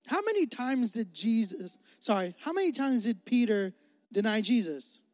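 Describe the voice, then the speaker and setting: A man's voice: very high-pitched, big pitch swings, moderate pace, no room sound. A young adult man preaching a conversational sermon to a congregation, acting out dialogue as he tells the story. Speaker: pastor.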